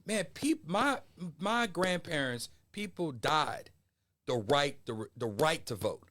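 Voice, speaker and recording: A man's voice: on the high side, expressive, slow pace, sharp tone. Brief: man, Southern US accent, commentator, playful, preacher-style delivery. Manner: folksy, playful, preacher-like cadence. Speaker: political commentator. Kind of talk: casual panel chat.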